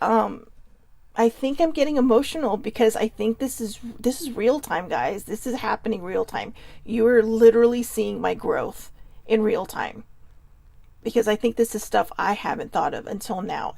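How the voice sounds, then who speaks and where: A middle-aged woman speaks straight to her viewers in an earnest, confessional way. Her voice sits a little high with a gravelly fry, and the recording is close and dry. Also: a little mellow, no echo. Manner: reads viewer comments aloud. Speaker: vlog host. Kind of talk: emotional personal livestream talk.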